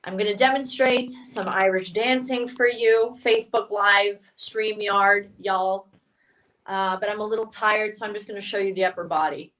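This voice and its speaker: A young woman from Canada doing a stand-up comedy set for an online stream, with a deadpan, self-mocking delivery. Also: mid-range voice, normal speed, poor audio.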